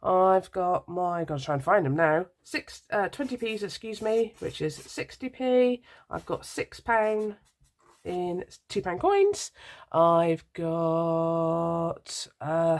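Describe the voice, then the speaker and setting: British woman with a stuffy nasal cold. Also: lowish voice. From United Kingdom. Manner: chatty, rambling, apologetic, many ums. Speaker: budgeting vlogger. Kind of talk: casual chat to camera while sorting coins. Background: faint clinking of coins.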